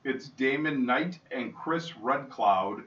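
A blunt, joking man with a bright, forceful voice. He reads out a list and swears freely in casual chat. The sound is distant and muffled in a roomy space. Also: medium pitch, expressive, slow pace, a little hiss or hum. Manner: blunt, profane, jokey. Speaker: podcast host reading a ranked list.

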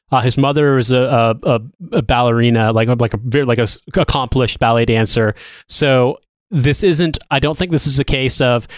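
Smooth-voiced man recapping a film. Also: mid-range voice, no echo. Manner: loose, rambling, swears casually. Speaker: podcast co-host. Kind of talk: casual film review chat.

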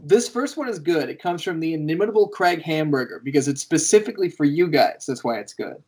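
Podcast host, casual, animated storyteller who laughs a lot; voice jumps up and down in pitch. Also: fairly quick, husky. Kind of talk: casual chat.

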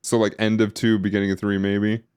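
A man's voice: fairly low pitch, flat delivery, brisk, darkish tone, smooth. A man co-hosting a podcast in casual chat, rambling and hesitant with lots of fillers and restarts. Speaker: podcast co-host. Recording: live stream podcast recording.

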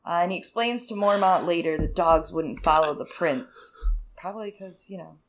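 A woman's voice: fairly low pitch, moderate pace. A woman co-hosting a casual book podcast, summarizing chapters with wry, sarcastic asides. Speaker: podcast co-host.

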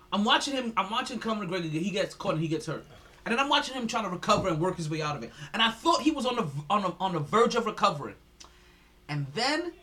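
A man hosting a casual sports podcast, laughing often and rambling through fight talk with lots of restarts. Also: high voice. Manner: laughs a lot, does loud mock voices, rambles with restarts. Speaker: podcast host.

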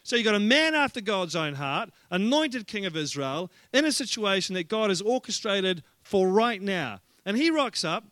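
A male pastor delivering a lively sermon, telling stories with humour and plenty of energy. His voice sits high and sounds bright and forceful. The recording is dry and close, with no audible room sound. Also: moderate pace, hardly any pauses, dry recording. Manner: energetic, humorous storytelling.

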